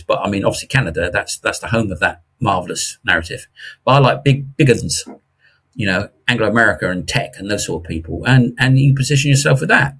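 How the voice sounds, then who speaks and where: A middle-aged man talks markets in a casual interview with a husky, slightly breathy voice. He is animated and jokey, often restarting sentences and throwing in mocking asides. His pitch sits in the middle range. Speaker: investment commentator guest.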